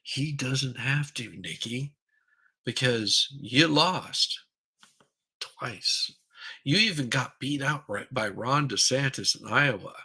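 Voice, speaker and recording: A middle-aged male livestream host with a gravelly, husky edge and a very bright, forceful tone. He rants in a crude, profane, mocking way, rambling from one jab to the next. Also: mid-range voice, takes it slowly. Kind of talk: crude comedic political rant.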